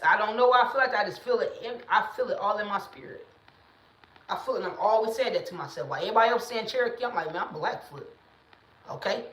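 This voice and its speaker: Speaking into a phone or webcam, a woman with a highish voice hosts a livestream of casual talk. She's blunt and emphatic, sometimes rising into loud preaching bursts, and the sound is reverberant.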